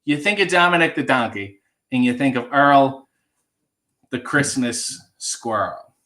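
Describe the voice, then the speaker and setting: A man's voice: mid-range voice, animated, measured pace, bright, forceful tone. A young man hosting a casual livestream, reading viewer requests and singing Christmas songs between loose, joking chat. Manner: sings Christmas songs, then chats loosely with swearing and asides.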